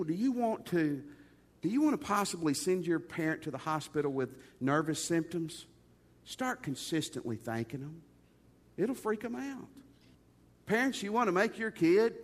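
A man preaching a sermon to a congregation, talking conversationally and calling his listeners folks. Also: fairly high pitch. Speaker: pastor. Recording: long hall reverb.

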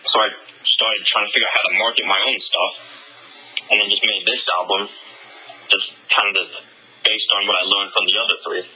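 A man's voice: fairly low pitch, flat delivery, normal speed, pauses often, sharp tone, slight background noise, rough recording. A man in his twenties, a musician guest, talking frankly and matter-of-factly in a casual interview. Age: 20s.

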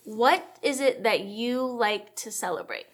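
Cheery lady cohost, kinda higher voice, chatty with lots of likes and ums. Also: a little slow. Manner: upbeat, laughs often, many fillers. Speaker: podcast co-host. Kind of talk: casual faith podcast chat.

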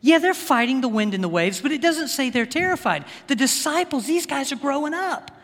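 High-pitched guy preaching, really animated, voice jumps up a lot, big reverb hall. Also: fairly quick. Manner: animated, rising pitch for emphasis, laughs often. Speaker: pastor. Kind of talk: sermon.

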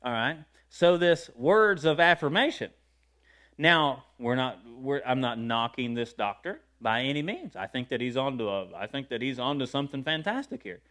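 A man preaching a sermon, talking to his congregation, asking them questions and breaking into loud shouts of praise. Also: mid-range voice, lively intonation, normal speed.

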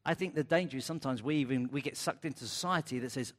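A middle-aged man preaching a sermon, animated, acting out the voices of the people he quotes. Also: fast talker, long reverb tail. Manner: animated, acts out quoted voices with big pitch jumps. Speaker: pastor.

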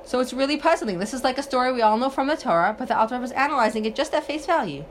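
A woman with a slightly high voice leads a religious text study, reading Hebrew lines and then unpacking them in plain terms. She retells the story with animated questions to her listeners. A faint hiss of background noise sits under her voice. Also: rapid-fire. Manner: reads Hebrew text then translates and explains. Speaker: Torah teacher.

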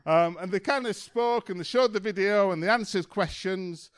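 A man's voice: high voice, normal speed, clear, resonant tone. A man giving an informal church talk, telling a story in a chatty way with lots of ums. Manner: chatty storytelling, many ums and kind-ofs. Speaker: church speaker.

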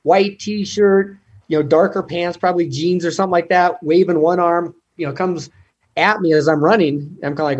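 A man being interviewed, full of stories, who slips into the voices of the strangers he describes. His voice sits high and sounds breathy and husky. The recording is dull and lo-fi. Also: moderate pace. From United States. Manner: animated, retells encounters with quoted dialogue and laughs. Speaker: guest, ultrarunner. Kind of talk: storytelling in an interview.

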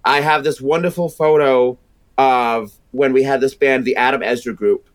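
In a casual chat, a Rhode Island-accented sound engineer guest talks with energy, rambling and restarting often. He has a mid-range voice, fairly even intonation, and a moderate pace, with no room sound audible.

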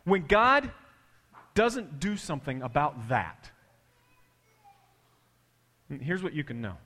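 A man preaching a sermon in a church hall, his voice sitting a little high for a man. He swings from hushed, confiding lines to loud, stretched-out bursts as he tells the story. The hall gives his voice a long, ringing echo. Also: sing-song, measured pace. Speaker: pastor.

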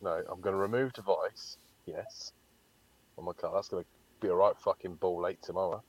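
A man's voice: low-pitched, fairly even intonation, moderate pace, breathy edge. A man hosting a podcast over a phone call from his parked car, bantering casually and swearing freely. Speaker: podcast host. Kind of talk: casual chat. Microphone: phone call through car Bluetooth.

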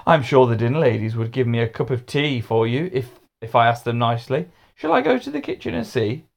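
A high, sugary schoolboy voice, all false innocence and sweet talk, put on by a man reading a storybook. It climbs and swoops as he flatters. He is a sly troublemaker under the charm. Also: a little slow. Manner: sweet-talking, mock-innocent.

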